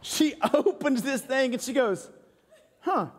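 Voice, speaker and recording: A man preaches in a high voice. He jokes with his congregation and tells stories about home life. His voice rings with a long reverb through the church sanctuary. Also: a little slow, slight background noise. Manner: joking, crowd-engaging storytelling. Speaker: pastor. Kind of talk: sermon.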